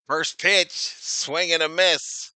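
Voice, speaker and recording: A man's voice: a little high, steady tone, takes it slowly, pushed and bright, smooth, dry recording. A man giving casual, slangy fan play-by-play of a baseball game, laughing often and reading chat comments aloud. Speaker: live-stream baseball commentator.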